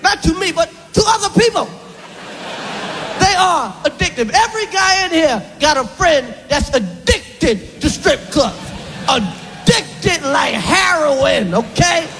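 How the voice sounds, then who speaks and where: High-pitched shouting male comic. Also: lively intonation, takes it slowly, big-room sound, slight background noise. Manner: emphatic, shouting punchlines. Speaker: stand-up comedian. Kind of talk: stand-up comedy set.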